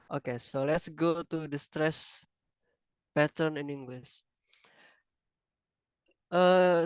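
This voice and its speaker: Slow halting man giving a class presentation. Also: high-pitched, clean tone, no echo, low-quality recording. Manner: halting, self-correcting, non-native phrasing. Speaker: student presenter.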